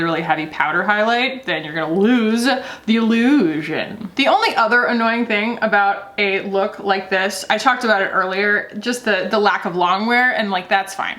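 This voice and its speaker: A woman's voice: mid-range voice, bright, forceful tone. A woman vlogger talking casually through a makeup tutorial, chatty and loose, often laughing. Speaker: beauty vlogger.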